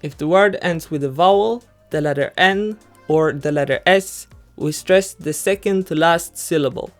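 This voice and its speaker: Man giving a clear, smooth lesson. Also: a little high, normal speed. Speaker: language teacher. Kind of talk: scripted explainer narration. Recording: music bed under voice-over. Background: faint background music.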